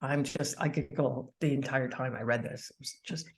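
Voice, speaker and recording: A woman co-hosting a podcast, chatting in an animated, playful way, giggly and casual with swearing. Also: rumbling low, normal speed. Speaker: podcast co-host and author. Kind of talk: casual chat.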